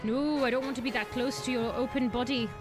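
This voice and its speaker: A woman casually commenting while she live-streams a video game, chatting to the boss she fights and bursting into excited yells. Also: on the high side, a little fast. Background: game music.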